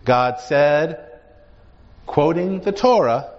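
A man's voice: a little high, animated, measured pace. Emphatic male Bible teacher in a hall. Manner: emphatic, explanatory, rhetorical questions. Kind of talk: classroom Bible lecture. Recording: dull recording with hall reverb.

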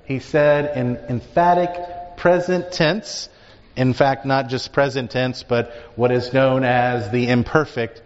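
A man's voice: medium pitch, fairly even intonation, takes it slowly. A man teaching a Bible class, explaining emphatically and asking rhetorical questions. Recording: dull recording with hall reverb.

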